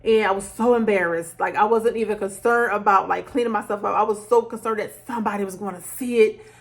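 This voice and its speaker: A middle-aged woman talking straight to her viewers in a relaxed storytelling vlog. She is chatty and animated, with plenty of fillers. She slips into other people's voices as she tells her story. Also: medium pitch, fast. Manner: chatty and animated, acts out quoted lines with laughter; conversational, frequent fillers like "like" and "child". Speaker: beauty vlogger. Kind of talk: casual storytelling to camera.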